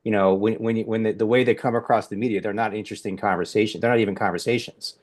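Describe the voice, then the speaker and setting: A man hosts a group discussion in a relaxed, rambling way, circling back with restarts and fillers. His voice sits on the low side. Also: fast talker. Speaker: podcast host.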